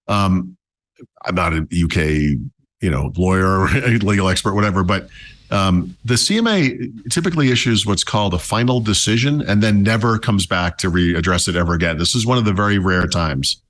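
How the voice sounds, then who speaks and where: A man's voice: deep voice, expressive, moderate pace, a bit bright. A man talking casually as a tech podcast commentator, wry and chatty, with many fillers and restarts.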